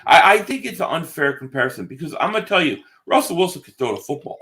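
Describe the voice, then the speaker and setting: A man's voice: fairly high pitch, expressive, fast talker, hardly any pauses, fairly bright tone, slightly rough. A man, co-hosting a casual sports podcast, confident and emphatic, repeating words for stress. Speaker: podcast co-host.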